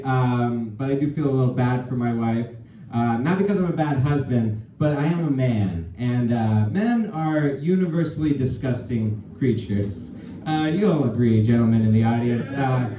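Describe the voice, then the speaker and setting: A man's voice: mid-range voice, warm tone. Rambling male stand-up in a roomy club. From California. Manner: rambling, self-deprecating, filler-heavy delivery. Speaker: stand-up comedian. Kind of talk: stand-up comedy set. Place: small comedy club. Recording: roomy, distant, dull club recording. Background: audience laughter.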